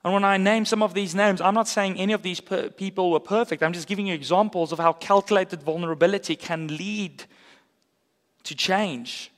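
A pastor preaching a sermon in an earnest, conversational way with casual asides. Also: male voice, high-pitched, fairly even intonation, normal speed, long reverb tail. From South Africa.

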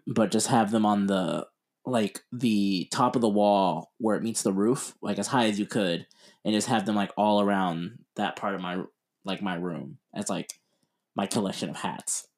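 A man's voice: fairly low pitch, moderate pace. A young man co-hosting a podcast in casual chat, rambling and joking with frequent laughs. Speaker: podcast co-host.

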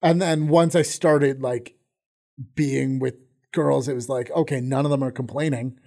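A man's voice: mid-range voice, steady tone, a little slow, gravelly, a little mellow. A young man co-hosting a podcast in casual chat, profane and loose, often trailing off and restarting his sentences. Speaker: podcast co-host.

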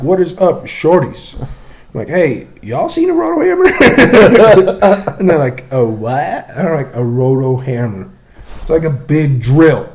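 Animated, profane man telling stories. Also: mid-range voice. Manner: crude, profane, animated storyteller. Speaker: podcast co-host. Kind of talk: casual storytelling chat.

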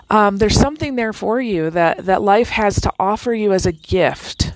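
Woman podcast host, mid-pitched, chatty and lively, dry booth sound. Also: moderate pace, hardly any pauses, no echo, low-quality recording. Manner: chatty, animated, with many fillers and restarts. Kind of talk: casual spiritual talk.

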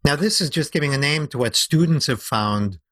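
A man who is a guest on a podcast, explaining storytelling in an animated way and slowing down to stress his points. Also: a little high, no room sound. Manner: animated explaining, slows down for emphasis. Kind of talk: conversational podcast interview.

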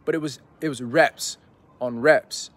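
A man's voice: mid-range voice, steady tone, measured pace, fairly bright tone. A young man telling a story as a podcast guest in a casual, rambling way, full of "like" and "right?". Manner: rambling, heavy use of "like" and "right?".

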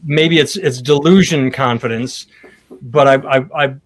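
A man's voice: mid-range voice, unhurried. Man, comedian, casual chat, rambling, stammering restarts. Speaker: stand-up comedian.

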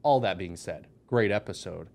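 A man's voice: low voice, normal speed, gravelly, darkish tone. A man speaking as a podcast guest, telling a personal story with intense, blunt emotion. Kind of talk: candid personal conversation.

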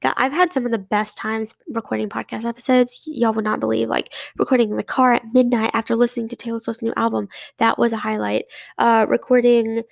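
Young woman, solo podcast host, chatty and grateful, slightly high voice with some fry. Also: little pitch movement, brisk, no room sound. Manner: effusive and grateful, chatty with many restarts. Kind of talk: casual monologue to listeners.

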